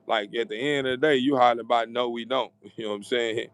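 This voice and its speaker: A man's voice: medium pitch, fast, clean tone, dry recording. A man, giving a casual, rambling motivational talk to his audience and often asking if they follow him. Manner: rambling, repeats words and keeps asking "you know what I'm saying". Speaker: vlogger addressing his channel's audience.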